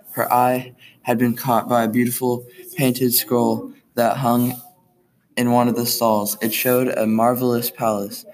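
A man's voice: medium pitch, low-quality recording. Man telling a folktale. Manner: gentle, unhurried reading with quoted dialogue. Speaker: storyteller. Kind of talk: storybook narration.

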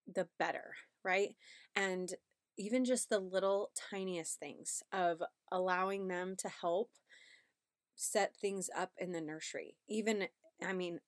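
A pregnant woman in her thirties talks through a parenting podcast in a chatty, upbeat way, often tossing in a quick "right?". Her voice sits at a middle pitch, and the recording is dry and close, with no room sound. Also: no room sound. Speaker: podcast host. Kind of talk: casual parenting podcast talk.

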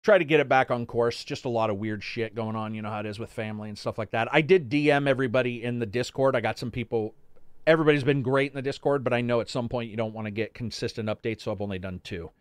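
A podcast host with a medium-pitched, clean voice talks fast on his casual gaming live stream, spinning profane, loose stories full of laughter and side remarks. The sound is studio quality, with no room sound.

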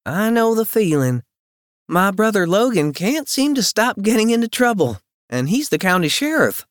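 A man's voice: high-pitched, sing-song, normal speed, no room sound, studio quality, pitched above the performer's own voice. A man voicing a wary, wry young woman lawyer.

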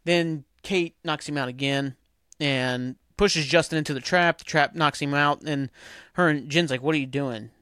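A man's voice: fairly high pitch, fairly even intonation, measured pace, bright, forceful tone, smooth, no room sound, studio quality. A man hosting a podcast, recapping a TV episode in a rambling, casual way full of fillers. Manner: rambling, filler-heavy, acts out characters' lines. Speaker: podcast host.

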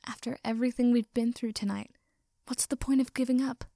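A woman voicing a fading, gentle young male ghost who speaks softly and calmly. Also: on the high side, fairly quick, creaky, no echo, studio quality.

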